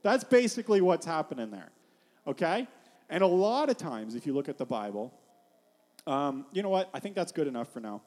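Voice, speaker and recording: A man's voice: fairly high pitch, sing-song, a little fast, a little mellow, long reverb tail. A man preaching a casual, rambling sermon, full of fillers, often stopping to put questions to his listeners.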